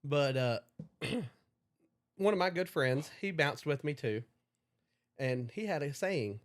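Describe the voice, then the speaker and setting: A young man with a slightly higher voice tells long, rambling stories, swearing freely as he goes. He speaks casually, in the loose style of a chat podcast. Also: lively intonation, slow, pauses often. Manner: profane, rambling storyteller. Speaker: podcast co-host.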